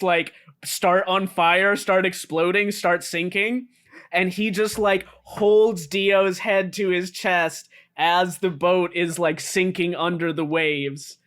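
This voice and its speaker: Casting: relaxed male podcast co-host, higher voice, smooth clear tone, hesitant rambling delivery. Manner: rambling, many fillers and restarts. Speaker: podcast co-host explaining the story. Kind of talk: casual chat.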